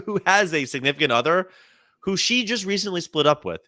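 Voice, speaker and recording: A man co-hosting a casual comedy podcast with a bright, forceful voice that swings all over the place. He tells comic news stories and acts out quotes in a lively, animated way. The sound is close and dry. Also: high voice, fairly quick, no room sound. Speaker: podcast co-host.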